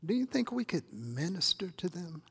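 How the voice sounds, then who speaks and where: A man's voice: high-pitched, very animated, moderate pace, gravelly, fairly bright tone, breathy edge, in a large hall. A male pastor preaching a conversational sermon, teasing his congregation with questions and asides. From Chicago. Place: church sanctuary.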